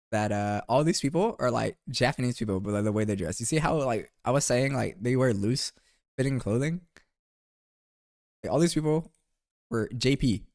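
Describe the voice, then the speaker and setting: Here a young man goes through his trip photos on stream, rambling and joking, frequently saying "bro" and asking his audience for opinions. The medium-pitched voice is a little mellow, captured at studio quality with no room sound.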